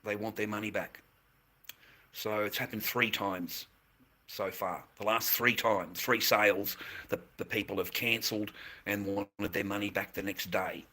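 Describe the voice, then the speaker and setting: A man's voice: fairly low pitch, steady tone, measured pace, pushed and bright, poor audio. Coarse, swearing man. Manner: aggressive, crude, swearing and taunting. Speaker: livestreamer. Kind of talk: profane livestream rant.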